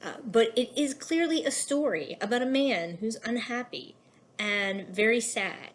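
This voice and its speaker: A woman's voice: on the high side, lively intonation, unhurried. Patient woman teaching a poetry lesson. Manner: patient, explanatory, with fillers. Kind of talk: recorded classroom lesson.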